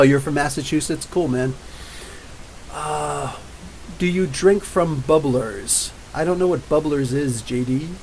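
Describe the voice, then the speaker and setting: A man's voice: on the high side, a little hiss or hum, rough recording. Jersey-accented man chatting with live viewers. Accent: New Jersey with drawn-out Ohio-style R's. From New Jersey. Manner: rambling, jokey, talks back to chat. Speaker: podcast host. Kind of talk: live Q&A chat reading viewer comments.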